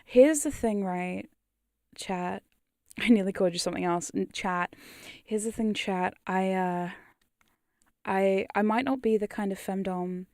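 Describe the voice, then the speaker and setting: A woman's voice: medium pitch, steady tone, a little slow, darkish tone, no room sound, clean studio sound. Chatty British woman, self-mocking. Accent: British, drifting toward New Zealand. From United Kingdom. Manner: rambling, self-mocking, laughs often. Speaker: hypnosis content creator. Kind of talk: casual livestream chat. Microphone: studio condenser mic.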